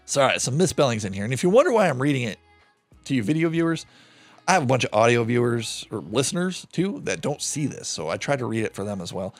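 Lively, swearing man telling a true-crime story. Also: medium pitch, fast talker, no room sound, soft background music. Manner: animated, profane, conversational retelling. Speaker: podcast host.

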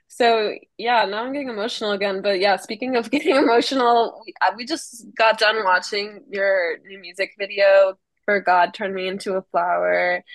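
A woman's voice: medium pitch, dry recording. A woman co-hosts a podcast and chats in a giggly, gushing way, a little flustered as she asks her questions. Her voice sits in the middle range and the recording is dry. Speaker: podcast co-host. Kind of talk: casual podcast chat.

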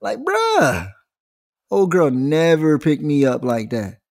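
A man delivering a slangy comic monologue, telling stories and slipping into quick voices. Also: a little high. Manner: animated slangy storytelling, jumps into voices. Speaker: comedian. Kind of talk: stand-up style comic monologue.

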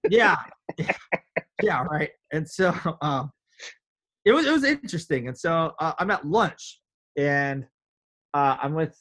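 A man telling a story in casual chat, animated, acting out his own quotes with big jumps in pitch.

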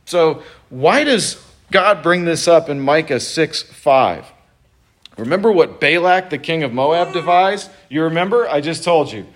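A man's voice: on the high side, lively intonation, measured pace. A male pastor preaching a sermon in church in a conversational, informal storytelling manner.

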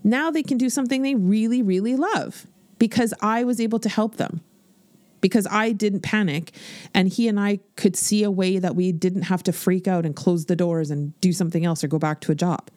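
A woman in her forties hosting a podcast as a business coach, talking in a blunt, animated, swear-filled motivational style. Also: mid-range voice, normal speed, no echo. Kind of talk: casual motivational podcast monologue.

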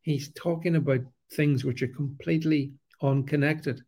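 A man talks straight to his viewers in a loose, unscripted monologue. He stops and restarts often and leans into sarcasm. His voice sits at an ordinary middle pitch. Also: a little mellow. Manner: halting, many fillers and restarts, sarcastic. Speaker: political commentator. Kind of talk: casual opinion monologue.

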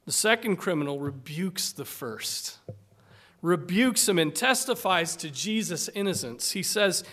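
A male preacher delivering a sermon, reading scripture slowly and deliberately with dramatic, emphatic swells. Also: sits high, lively intonation, fairly bright tone.

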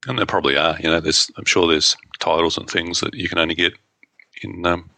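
A man co-hosting a gaming podcast, relaxed and hesitant, with many ums and restarts. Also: low-pitched, brisk, no room sound. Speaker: podcast co-host. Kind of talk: casual podcast chat.

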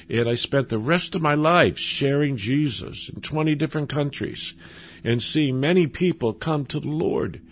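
A man preaching a sermon with passion, repeating phrases and swinging from loud cries to low, quiet lines. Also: vocal fry, slight background noise. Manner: impassioned, rising to cries and dropping low; repeats phrases, small restarts.

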